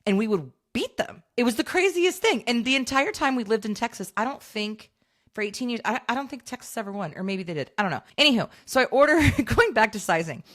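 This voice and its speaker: A woman's voice: on the high side, expressive, fast talker, a bit bright. Chatty American woman telling rambling stories. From United States. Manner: rambling, storytelling, frequent laughs. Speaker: podcast co-host. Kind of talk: casual chat.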